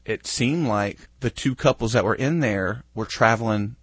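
Southern guy hosting a podcast, lowish voice, rambling funny stories about himself, dry close mic. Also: normal speed, husky, no echo. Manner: rambling storyteller, self-deprecating. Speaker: podcast host. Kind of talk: casual podcast chat.

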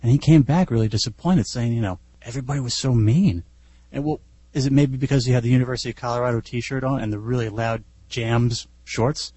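A man with a mellow, slightly husky voice guests on a casual podcast. He tells lively, self-deprecating anecdotes into a close, dry mic. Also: medium pitch, quick pace, no room sound.

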